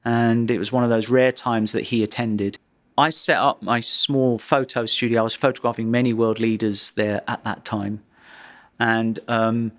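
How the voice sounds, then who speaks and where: A man's voice: medium pitch, a bit bright. A man, a photographer, telling a vivid anecdote in an interview, often restarting his sentences as he goes. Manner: vivid, dramatic storytelling with frequent restarts.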